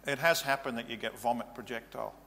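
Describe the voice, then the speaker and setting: A man's voice: medium pitch, fairly even intonation, fast, gravelly, bright, forceful tone. A male pastor giving a practical, matter-of-fact teaching sermon in a church. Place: church hall. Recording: reverberant hall, faint hum.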